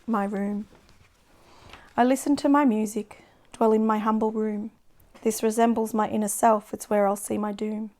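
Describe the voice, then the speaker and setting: Woman poet, own book, reads low-key with little pitch movement; subdued, measured. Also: fairly even intonation, a little mellow. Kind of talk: poetry reading.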